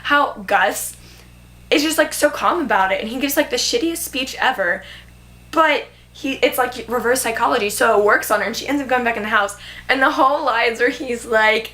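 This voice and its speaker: Slightly high and a little fast, the young vlogger's voice sounds bright and forceful as she casually reviews a movie. Her commentary gushes, packed with "like" fillers.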